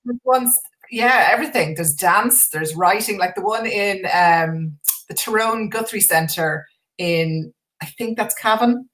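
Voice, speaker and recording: A woman's voice: medium pitch, unhurried, fairly bright tone. An Irish woman chatting casually as a guest on a live stream, enthusiastic and full of restarts. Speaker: guest artist.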